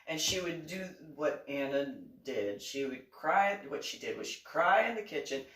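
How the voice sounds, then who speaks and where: A woman's voice: low-pitched, lively intonation, moderate pace, a bit bright. A woman telling a rambling personal story as a channel host, laughing often as she goes. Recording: echoey room, voice far from mic.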